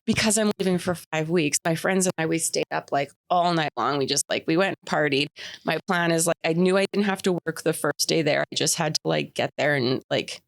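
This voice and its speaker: A woman's voice: low-pitched, brisk, vocal fry, dry recording. A woman in her thirties from Canada, co-hosting a casual chat podcast and telling stories with frequent laughter. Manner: chatty storyteller, laughs often. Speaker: podcast co-host.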